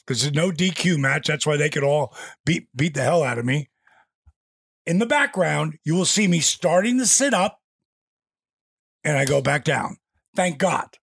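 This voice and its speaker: A man in his sixties, an interview guest telling stories in a casual, animated way and acting out quotes and sound effects. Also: on the high side, vocal fry, husky, dry recording, studio quality.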